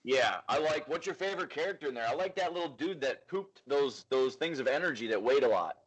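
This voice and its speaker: A man's voice: mid-range voice, expressive, fairly quick, breathy edge, poor audio. A man co-hosting a casual comedy podcast, laid-back and agreeable. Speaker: podcast co-host. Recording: crowd noise behind the voice.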